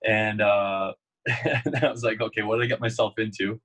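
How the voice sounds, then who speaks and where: A young man with a low, husky voice talks in a loose, rambling way. He tells long stories and fills them with "like" and "uh". It sounds like a relaxed, casual interview. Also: normal speed, poor audio. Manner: storytelling, loose and rambling with many fillers. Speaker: guest.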